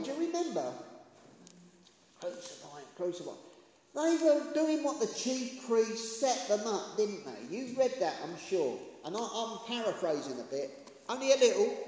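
A woman's voice: on the high side, darkish tone, slight background noise. A woman preaching a sermon in an impassioned, conversational way, asking the congregation questions. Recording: echoey hall with long reverb.

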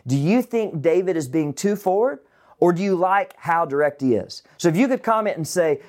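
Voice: mid-range voice, animated, normal speed, darkish tone. Bible teacher, online lesson, conversational, chatty asides to viewers.

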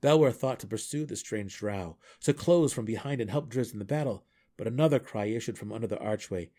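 A man reading a fantasy novel aloud in steady, measured storytelling. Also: on the low side. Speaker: audiobook reader. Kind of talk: fan audiobook narration.

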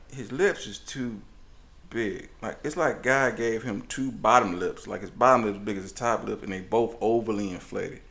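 Podcast guy rambling thru a story, kinda gravelly, voice jumps all over. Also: fairly low pitch. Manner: rambling, animated, mimics people in stories. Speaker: podcast co-host. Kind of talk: casual storytelling chat.

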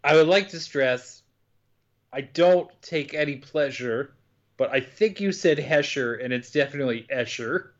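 A US man co-hosting a podcast recaps a movie in casual chat, dry and wry, swearing freely. His voice sits on the high side and moves at a moderate pace. The podcast audio is dull and lo-fi.

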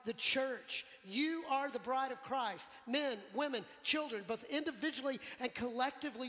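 A male pastor preaching a sermon in a relaxed, conversational way, putting questions to the congregation and joking with them. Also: sits high. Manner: conversational, quizzes the congregation, jokes. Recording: long church hall reverb.

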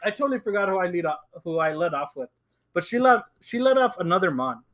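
A man's voice: sits high, quick pace. A young man co-hosting a casual podcast, telling a story with lots of laughing and acted-out quotes. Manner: animated storytelling, acts out quotes, laughs often. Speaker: podcast co-host. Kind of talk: casual chat.

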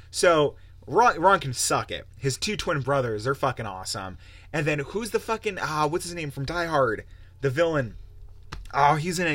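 A man's voice: mid-range voice, a bit bright, no echo. A young man hosting a podcast, ranting casually and animatedly, with lots of swearing and rambling asides. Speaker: podcast host. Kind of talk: casual solo podcast rant.

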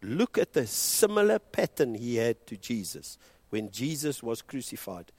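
A South African man preaching a sermon as pastor, impassioned and moving between hushed and loud delivery, switching between English and Afrikaans. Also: mid-range voice, very animated, unhurried, no echo.

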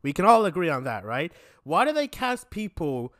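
A man co-hosting a podcast, his voice high and swinging widely in pitch. He pushes insistently to finish his points. The sound is dry and close. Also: normal speed, no room sound. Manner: animated, insistent. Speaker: podcast co-host. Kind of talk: casual chat.

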